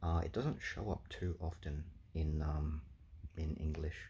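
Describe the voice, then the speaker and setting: Very deep gravelly man. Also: unhurried, mellow, dull audio, slight background noise. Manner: thinking aloud with many fillers. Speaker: language game player. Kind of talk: casual explanatory commentary.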